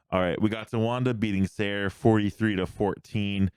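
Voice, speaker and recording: Deep-voiced man hosting a sports podcast. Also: steady tone, darkish tone, clear, resonant tone, no echo, studio quality. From Pennsylvania. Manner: quick, rambling recap of scores. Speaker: host. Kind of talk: casual sports podcast chat.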